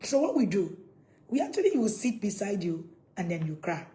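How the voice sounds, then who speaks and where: Lady coaching parents, lively up and down voice, mellow tone, laughs a lot between points. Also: medium pitch, normal speed. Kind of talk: motivational talk to viewers.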